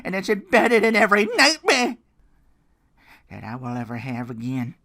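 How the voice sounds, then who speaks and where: A grizzled male wrestler, as a podcast host puts him on, cuts a theatrical promo. He lurches from roaring peaks to hushed murmurs, with his pitch leaping high and his tone bright. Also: huge pitch swings, normal speed, heavily acted. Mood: brooding. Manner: theatrical, shouting then hushed.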